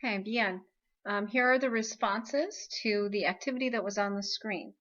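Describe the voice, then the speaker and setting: A woman's voice: mid-range voice, moderate pace, a bit bright, highs cut off. A woman teaching a recorded video lesson, explaining patiently and checking in with frequent "okay?". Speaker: Spanish teacher.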